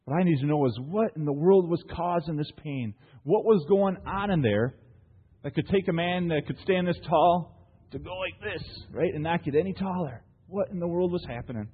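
With a fairly high, slightly rough voice at normal speed, this man is a pastor delivering a sermon in a church hall. He asks rhetorical questions, tells stories, and keeps adding "right?", while the audio sounds thin and phone-like under a long hall reverb.

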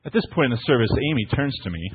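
Pastor guy telling stories in a sermon, lively up-and-down voice, husky, long church echo. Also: mid-range voice, very fast, phone-quality sound. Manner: storytelling, playful, asks the congregation "right?".

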